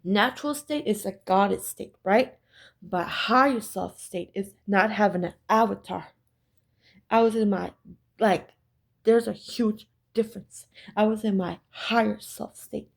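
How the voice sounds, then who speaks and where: A woman's voice: medium pitch, a little slow, gravelly. A woman talking straight to her viewers in a casual story-time monologue, intense and emphatic, repeating herself and swearing. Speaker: spiritual storyteller.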